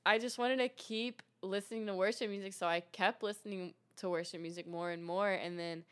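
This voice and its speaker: A woman's voice: mid-range voice, fairly even intonation, a little fast, smooth. A young woman telling her faith testimony in a casual chat, earnest and full of fillers and restarts. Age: young adult. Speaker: guest sharing testimony.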